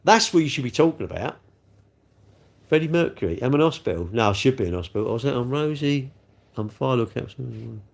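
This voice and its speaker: A middle-aged English man with a gravelly, creaky edge and a mid-range pitch, talking casually on a livestream. He rambles from comment to comment, answering questions and poking fun at himself. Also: animated, brisk. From England. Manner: rambling, chatty, self-mocking. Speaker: livestream host.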